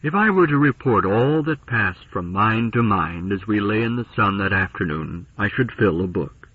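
A man giving measured, solemn storybook narration, recorded as an old radio broadcast. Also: lowish voice, lively intonation, far from the mic, narrow, tinny audio, background noise.

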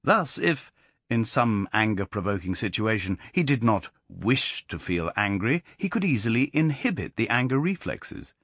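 A man narrating a literary audiobook in a measured, expressive storytelling manner. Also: on the low side, husky, dry recording, clean studio sound.

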